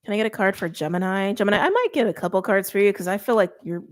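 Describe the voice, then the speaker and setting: A woman's voice: mid-range voice, lively intonation, racing. A young adult woman giving a chatty, emphatic tarot reading, interrupting herself often. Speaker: tarot reader.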